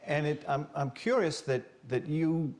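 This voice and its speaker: A man interviewing a guest on TV, asking questions haltingly with many restarts. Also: a little high, a little mellow, a little hiss or hum.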